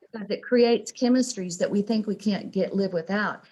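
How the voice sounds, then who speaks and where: A woman's voice: medium pitch, moderate pace, a little mellow. A woman speaking earnestly and with emphasis in a casual conversation.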